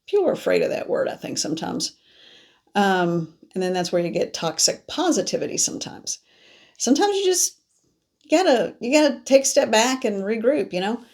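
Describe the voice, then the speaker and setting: A woman's voice: a little high, sing-song, brisk, vocal fry, a little mellow. A woman psychic reader talking viewers through a card reading, musing aloud as she lays out cards. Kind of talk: spoken tarot reading to viewers.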